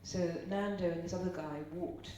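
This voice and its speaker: A middle-aged Irish woman delivers a live seminar talk in a warm, fairly low voice with fairly even intonation at normal speed, chatting, telling stories, and asking the audience questions. The recording has a roomy echo, a faint hum, and her far from the mic.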